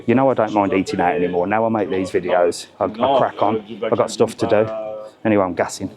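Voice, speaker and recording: A man's voice: lowish voice, fast, crowd noise. A middle-aged British man filming a casual travel vlog as he walks through airport shops, joking and exclaiming at the prices. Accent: British English. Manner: chatty, jokey, exclaims at prices. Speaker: travel vlogger. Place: indoors in a large airport shopping area.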